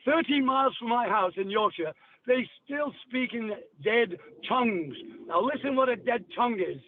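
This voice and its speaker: A man's voice: very high voice, expressive, normal speed, a little hiss or hum. A man chatting as a call-in radio guest, swearing freely and spinning stories between accents. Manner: profane, storytelling, slipping into accents. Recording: tinny phone line.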